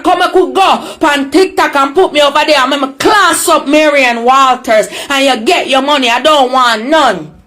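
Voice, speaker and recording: A high-pitched Jamaican woman tearing into someone in a furious social media rant. She curses nonstop and keeps breaking into shouted insults. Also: normal speed.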